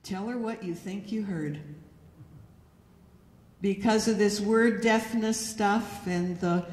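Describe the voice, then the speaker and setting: A woman's voice: mid-range voice, slow, darkish tone. A woman lecturer giving direct, instructive advice to an audience through a microphone. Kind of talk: presentation to an audience. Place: church hall. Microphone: handheld or stand microphone. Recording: echoey hall with long reverb.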